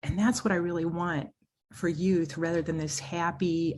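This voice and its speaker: A woman speaking as a clinical psychologist guest in a podcast interview, talking in an animated way and acting out the voices she quotes. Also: lowish voice, normal speed.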